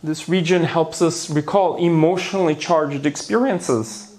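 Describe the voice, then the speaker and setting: This man's voice is fairly high and a touch mellow, and he moves a little slowly. Lecturing on the brain at a conference, the neuroscience lecturer entertains the audience in the hall with theatrical gasps, playful asides and small jokes.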